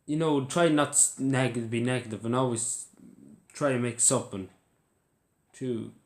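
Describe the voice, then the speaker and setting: A man's voice: medium pitch, fairly even intonation, measured pace. An Irish man talking to camera in a casual vlog, emotional and rambling, repeating himself as he goes. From Ireland. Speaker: YouTuber. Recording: roomy echo.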